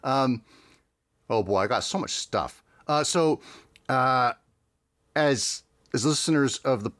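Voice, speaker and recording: A man's voice: medium pitch, takes it slowly, fairly bright tone, no echo, studio quality. A man hosting a podcast, chatting casually with many fillers and restarts. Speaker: podcast host.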